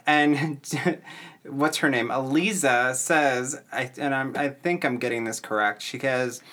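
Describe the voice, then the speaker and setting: A woman's voice: a bass voice, slow pace, fairly bright tone. Chatty podcast co-host woman. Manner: chatty, laughs easily. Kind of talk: casual chat.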